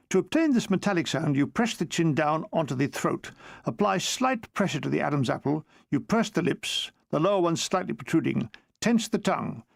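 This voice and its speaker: Male audiobook reader, high and gravelly, dry close sound, expressive comic delivery. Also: dry recording. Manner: expressive reading with comic timing. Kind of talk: audiobook narration of a war memoir.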